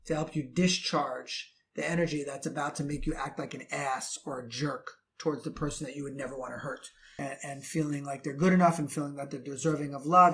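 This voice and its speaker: A man with a somewhat higher-pitched voice talks to other men about relationships. He is earnest and preachy, and he stacks up repeated phrases to drive each point home. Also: gravelly. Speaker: relationship coach. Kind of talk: advice talk to men.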